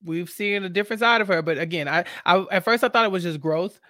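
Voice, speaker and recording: A woman co-hosting a casual podcast, reacting with expressive, mock-indignant commentary. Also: lowish voice, fast talker, dry recording, studio quality. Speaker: podcast co-host. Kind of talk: casual chat.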